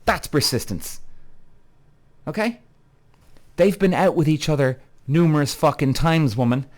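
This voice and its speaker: Speaking unhurriedly in an expressive, higher-pitched voice, a man in his thirties rants on his solo podcast. He gets heated, curses often, repeats himself, and talks straight to the audience, calling them "guys."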